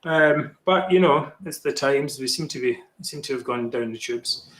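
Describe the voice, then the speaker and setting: A man's voice: mid-range voice, normal speed, fairly bright tone. A man hosting a podcast, rambling and exasperated, with frequent restarts. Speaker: podcast host. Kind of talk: casual podcast commentary. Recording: echoey room on a call.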